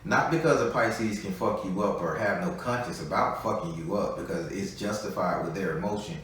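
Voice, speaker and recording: Heard from a distance in a reverberant room, a man with a low, slightly bright voice gives a live tarot reading at normal speed. His talk is frank, loose and full of swearing. There's slight background noise.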